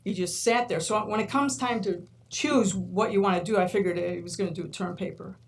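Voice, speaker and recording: Animated woman instructor telling stories. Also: mid-range voice, a little fast, gravelly, slight background noise, low-quality recording. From New York. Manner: animated storyteller, acts out quotes, laughs often. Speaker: college instructor. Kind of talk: storytelling speech at a board meeting. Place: large meeting room.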